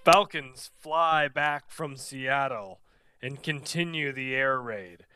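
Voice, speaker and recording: A man co-hosting a sports podcast, reading punchy game previews and trading deadpan jokes. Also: medium pitch, slow pace, smooth, no echo. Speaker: podcast co-host. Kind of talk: casual sports podcast banter.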